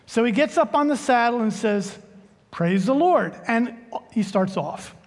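A man preaching a sermon as pastor, telling a joke in a relaxed, unhurried way before the scripture reading. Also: very high voice. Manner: unhurried, joking storyteller. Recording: long church reverb.

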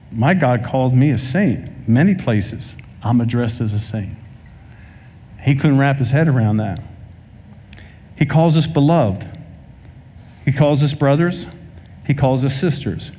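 A man's voice: mid-range voice, a little slow, long pauses. Preaching man in a reverberant hall. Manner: animated preaching, acts out dialogue in anecdotes. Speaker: pastor. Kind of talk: sermon.

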